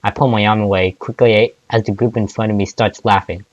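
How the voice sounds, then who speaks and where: A man's voice: fairly low pitch, steady tone, a little fast, no room sound, muffled recording. A man reading fan fiction aloud, often stumbling and restarting words. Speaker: fanfic reader.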